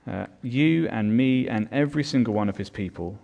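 A man's voice: medium pitch, moderate pace, creaky, phone-quality sound. A man preaching a sermon as pastor, earnest and building in volume on his key points.

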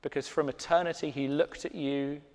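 A man preaching a sermon in a church, slow and deliberate, dropping to hushed, near-whispered emphasis. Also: fairly high pitch, steady tone. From Britain. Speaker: pastor. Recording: long reverb of a church hall.

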